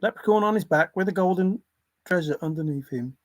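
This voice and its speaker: A man's voice: sits high, a little fast, no echo. A man hosting a casual livestream, rambling between topics, often chuckling and apologizing. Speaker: livestream host.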